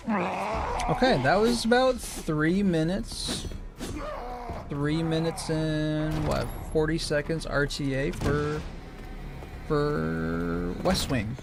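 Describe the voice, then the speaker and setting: Casting: male streamer, gravelly voice, casual speedrun commentary, talks to himself, loops on phrases. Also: on the high side, very slow, over music. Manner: thinking aloud, repeating phrases, self-correcting.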